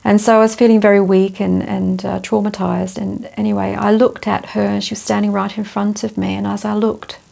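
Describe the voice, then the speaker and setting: Woman, gravelly and even-toned, close to tears, halting with many restarts; telling her testimony. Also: mid-range voice. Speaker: interviewee sharing a testimony. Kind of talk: personal testimony in conversation.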